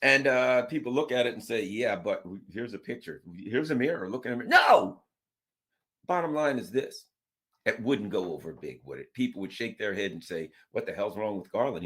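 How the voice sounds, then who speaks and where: A low-voiced man ranting about politics with a lively, swinging delivery. He mocks people in sarcastic voices that leap far up in pitch, then drops back to his own low register. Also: normal speed. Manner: mocking, does sarcastic put-on voices, jumps far up in pitch. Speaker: political commentator. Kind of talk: animated political rant.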